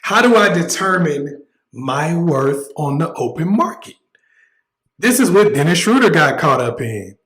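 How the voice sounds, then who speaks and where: A man's voice: fairly high pitch, big pitch swings, a little slow, a bit bright, roomy sound, poor audio. A man hosting a casual livestream, talking bluntly and joking as he preaches his point. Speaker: livestream host.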